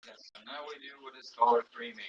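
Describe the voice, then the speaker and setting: A man's voice: a little high, fast, vocal fry, distant mic, highs cut off. A man explaining each step as he cooks on a live stream. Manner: explanatory, relaxed instructions. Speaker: streamer cooking on camera. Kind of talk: cooking demonstration.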